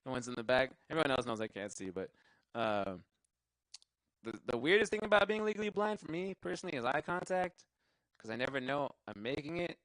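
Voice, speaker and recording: At a live show, a young male stand-up comic rambles loosely through his set, swearing a lot and laughing at his own jokes. His mid-range voice swings widely in pitch, runs a little fast and sounds a bit bright, captured on a dry, low-quality mic with no room sound.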